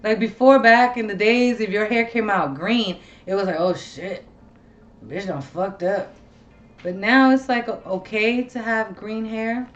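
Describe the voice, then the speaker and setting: A woman's voice: a little high, normal speed, hardly any pauses, soft background music. Woman host just chatting, blunt and cussing a lot, kinda muffled lo-fi sound. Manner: blunt, profane, animated storytelling. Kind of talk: casual chat.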